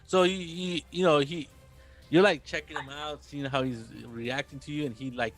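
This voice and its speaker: A man running a tabletop role-playing game as game master, talking haltingly with many fillers. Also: on the high side, steady tone, soft background music.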